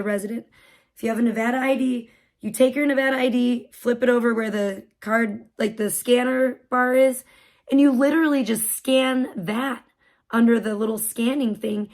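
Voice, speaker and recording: A woman live streamer telling a story in a rambling, frazzled way and swearing freely. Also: a little high. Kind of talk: casual storytelling on a livestream.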